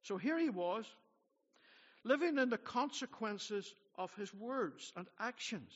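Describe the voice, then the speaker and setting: An older man preaches to his congregation, pressing his points hard and then dropping to a near hush. His voice sits high for a man. The sound is dull and rings out with a long reverb through the church hall. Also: animated, unhurried. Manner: earnest, exhorting, swings from loud to hushed. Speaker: pastor. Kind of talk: sermon.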